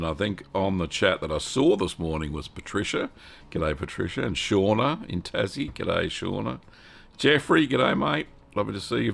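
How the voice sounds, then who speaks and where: A man's voice: on the low side, creaky. A man in his fifties with an Australian accent, chatting casually with viewers as host of a livestream. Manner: relaxed, rambling, greets chat viewers by name. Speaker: host of a cheese-making livestream.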